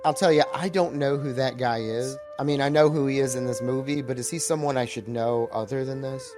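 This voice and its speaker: A man co-hosting a casual movie podcast, chatting bluntly and shouting out emphatic quotes from scenes. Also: medium pitch, fairly quick, music in the background. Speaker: podcast co-host.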